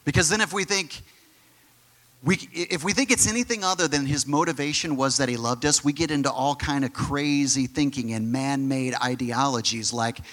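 A male pastor preaching a sermon, emphatic and conversational, who sometimes drops to a soft near-whisper on key phrases. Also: medium pitch, moderate pace. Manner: direct, conversational asides to the congregation.

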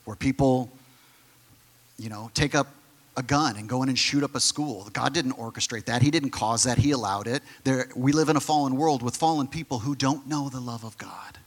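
A male pastor preaching a sermon, emphatic and conversational, who sometimes drops to a soft near-whisper on key phrases. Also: mid-range voice, normal speed. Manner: direct, conversational asides to the congregation.

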